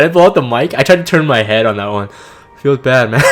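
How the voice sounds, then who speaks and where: A man's voice: mid-range voice, expressive, fairly quick, faint music behind. A man casually commenting between story readings in a laid-back, joking, self-deprecating way. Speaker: channel host reading game story.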